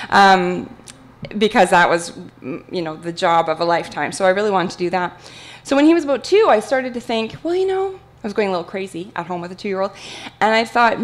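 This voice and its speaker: A woman giving a talk, telling a personal story in a chatty, animated way with many fillers. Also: mid-range voice. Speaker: guest speaker at an art talk.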